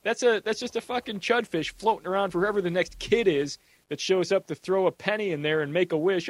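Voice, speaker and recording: A man's voice: sits high, brisk, no echo. Joking man, dry close sound. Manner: rambling, jokey, swears freely. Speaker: podcast co-host. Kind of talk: casual movie commentary.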